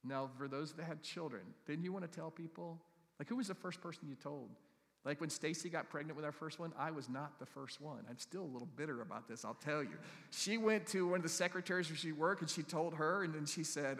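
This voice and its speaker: Middle-aged man, pastor, sermon; animated, jokey storytelling, pitched a little high, long church reverb. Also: brisk. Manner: animated, humorous storytelling with asides to the congregation.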